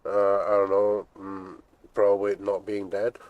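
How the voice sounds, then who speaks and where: A man's voice: lowish voice, completely flat delivery, unhurried, phone-quality sound. A man streaming a video game, teasing his friend and swearing at the game as he plays. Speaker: gaming streamer. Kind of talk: casual gaming commentary.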